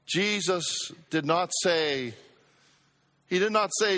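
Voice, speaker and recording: High-voiced pastor preaching in a reverberant hall. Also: male voice, takes it slowly, pauses often, pushed and bright. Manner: emphatic, repeats phrases for effect, calls for congregation response. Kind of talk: sermon. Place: church sanctuary. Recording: long church-hall reverb.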